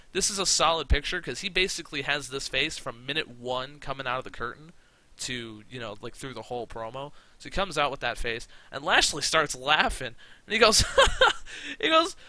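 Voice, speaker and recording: A man gives casual let's-play commentary, rambling and swearing freely with plenty of laughs. His voice is very bright and his pitch moves a lot. He talks at a middle pitch for a man. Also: no echo. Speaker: gaming channel host.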